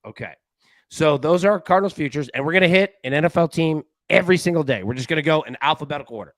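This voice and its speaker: Animated, lively-pitched male betting host. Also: fast talker, no echo. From Tennessee. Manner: animated, rambling storyteller with frequent restarts. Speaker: sports betting show host. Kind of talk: casual chat.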